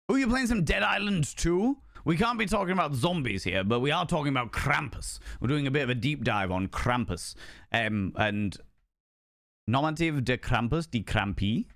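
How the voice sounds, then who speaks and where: A man's voice: medium pitch, fairly bright tone, no room sound, clean studio sound. A young man chatting live with his stream viewers in a playful, theatrical way, swinging between musing and flamboyant greetings. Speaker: streamer host. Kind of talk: casual live-stream chat.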